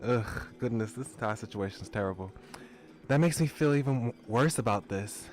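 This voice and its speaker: A young man streaming, reading and reacting with animated exclamations. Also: medium pitch, moderate pace.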